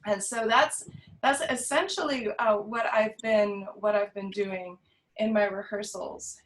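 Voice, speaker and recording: A woman with a Californian accent talks through her choir rehearsal methods on a video call. Her pitch sits in a middle range, and she pauses often to think, restarting phrases as she goes. A faint hiss sits under her voice. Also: low-quality recording. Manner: thoughtful, with frequent ums and restarts. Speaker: choir director.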